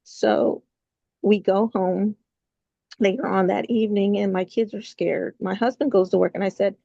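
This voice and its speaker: A woman with a mellow, raspy voice, talking as a podcast guest. She tells her story haltingly, full of fillers and restarts. The recording is dry and slightly lo-fi. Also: mid-range voice, fairly even intonation, dry recording. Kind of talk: personal storytelling in an interview.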